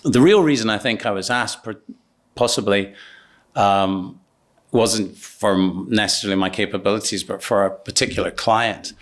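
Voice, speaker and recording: Middle-aged businessman guest, lowish voice, halting anecdotal delivery. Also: fairly bright tone. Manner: hesitant, many ums and restarts. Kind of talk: anecdotal interview storytelling.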